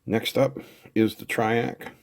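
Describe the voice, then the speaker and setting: A man's voice: mid-range voice, fairly even intonation, slow, creaky. A middle-aged man casually talking through a kit build as he solders, chatty and thinking aloud. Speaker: electronics hobbyist host.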